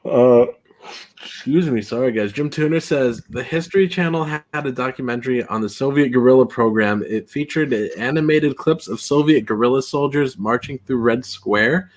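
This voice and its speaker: A man's voice: medium pitch, moderate pace. A man hosting a stream, chatting casually and reading viewer comments aloud. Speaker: stream host reading chat. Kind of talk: casual chat.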